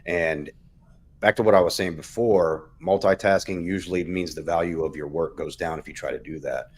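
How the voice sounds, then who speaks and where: A man on a casual panel who speaks politely and in a measured way when he makes his point. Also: low-pitched, steady tone, slight background noise. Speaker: panel guest.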